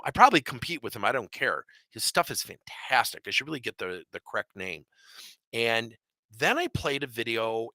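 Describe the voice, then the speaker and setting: A middle-aged man from Wisconsin, a business coach telling stories in an energetic keynote, acting out quotes and jumping up in pitch for emphasis. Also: no room sound. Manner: animated, jumps high in pitch for emphasis, acts out quotes.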